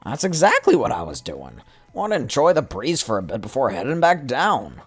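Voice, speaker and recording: A man's voice: medium pitch, wildly swooping pitch, normal speed, slightly rough, dry recording, soft background music. A man reading a stubborn, blunt old woman. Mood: dismissive. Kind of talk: reading game dialogue aloud on a stream.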